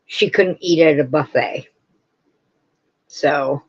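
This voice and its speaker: A woman's voice: deep voice, slow, breathy edge, dull audio. A woman hosting a live crafting stream, rambling casually and answering her viewers' comments as she goes.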